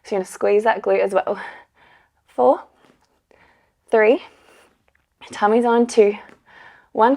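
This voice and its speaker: A woman's voice: medium pitch, vocal fry, darkish tone. A young woman leading a pilates class, coaching and counting down the reps, slightly out of breath. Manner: upbeat counting and coaching, with light laughs. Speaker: pilates instructor. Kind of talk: workout instruction.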